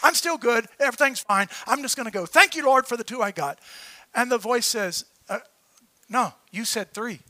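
A man preaching a sermon, telling a story with fervor, often shouting and tripping over repeated words. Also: very high-pitched, lively intonation, a little fast.

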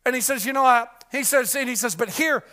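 Man, preacher, sermon, high-pitched, ringing bright tone, repetitive, many fillers. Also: brisk. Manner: impassioned, swings from loud cries to hushed murmurs.

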